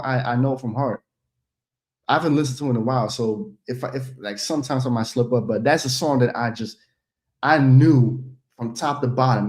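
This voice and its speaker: A man's voice: mid-range voice, darkish tone. A man in his thirties from the Netherlands, a rapper chatting casually as a guest, telling stories in a loose, rambling way and laughing easily. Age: 30s. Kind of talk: casual chat on a stream.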